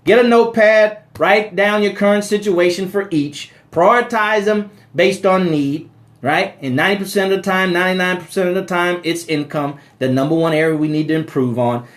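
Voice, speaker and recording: A man giving a motivational live-stream talk about money, preaching to his listeners as brothers and sisters and repeating his key points with frequent stammers and restarts. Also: high voice.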